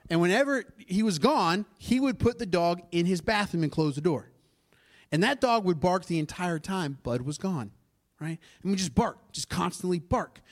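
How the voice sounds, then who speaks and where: Animated storytelling pastor, a man. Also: on the high side. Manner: conversational, animated storyteller with asides to the congregation. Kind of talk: sermon storytelling.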